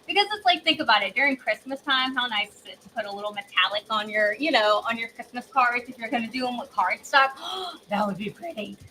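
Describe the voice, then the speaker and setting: A woman's voice: a little high, pushed and bright, a little hiss or hum, low-quality recording. A woman hosting a live embroidery demo, chatty and gushing, laughing often and sounding a little congested. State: congested, says she is on cold medicine. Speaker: host demonstrating embroidery. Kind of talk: casual live demo chat.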